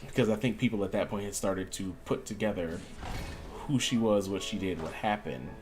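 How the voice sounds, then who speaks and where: A man's voice: on the low side, normal speed, music in the background. A man streaming a video game, chatting casually and acting out the voices of people in his story. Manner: animated storyteller, acts out quoted voices. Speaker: gaming streamer. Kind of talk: casual storytelling while gaming.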